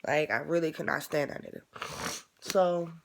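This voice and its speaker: A woman with a low, gravelly voice recounts a painful memory for her vlog. She talks casually and candidly and swears freely. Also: fairly even intonation, unhurried. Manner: casual, profane, candid retelling. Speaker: vlogger. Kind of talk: emotional personal storytelling.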